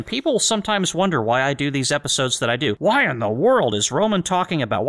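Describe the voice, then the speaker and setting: Bright-voiced man reading and commenting. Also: on the high side. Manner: sarcastic, rhetorical questions. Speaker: podcast host. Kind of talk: solo commentary with read quotations.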